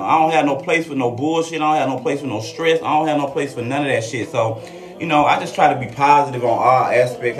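A transgender woman chatting frankly and profanely with viewers on a live stream. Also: very deep voice. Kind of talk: casual live-stream chat. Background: faint classical Christmas music.

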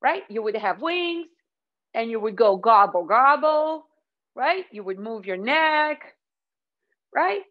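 A young woman leads a children's yoga class with a high, very animated, sing-song voice. She speaks slowly and clearly, with playful energy. The audio is dull and lo-fi. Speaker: kids' yoga teacher.

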